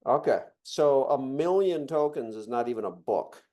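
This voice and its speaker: A man's voice: mid-range voice, animated, moderate pace, mellow. A man hosting a casual chat, curious, thinking aloud and asking follow-up questions.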